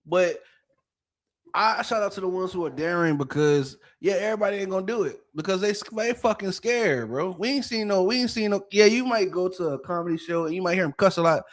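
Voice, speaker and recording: High-voiced man ranting on a podcast. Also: fairly quick. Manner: animated, profane, rhetorical questions. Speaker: podcast co-host. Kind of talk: casual political commentary.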